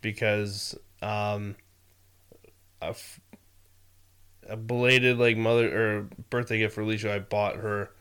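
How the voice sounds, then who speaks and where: A man's voice: lowish voice, little pitch movement, takes it slowly, long pauses, a bit bright, clean tone. A young man co-hosting a podcast, chatting in an easygoing way and laughing along. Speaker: podcast co-host. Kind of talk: casual podcast chat.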